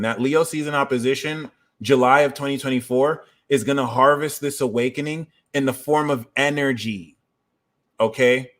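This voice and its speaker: A man hosting a live astrology stream, explaining the transits to his viewers. His delivery is energetic and chatty, and he breaks off now and then for quick asides. His voice sits at an ordinary middle pitch for a man. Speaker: astrology livestream host.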